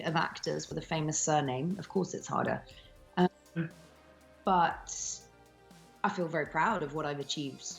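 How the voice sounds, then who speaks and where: A woman in her thirties, an actress and voice actor guest, talks candidly in an interview with a low-pitched voice and vocal fry. She is frank, swearing freely between ums.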